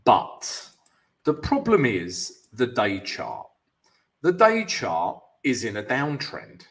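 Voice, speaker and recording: A man's voice: medium pitch, wildly swooping pitch, slow, creaky. A man hosting a live trading stream, walking viewers through charts and greeting them by name, with frequent "yeah" and "guys". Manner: explanatory, peppered with "yeah" and "guys", reading out viewer names.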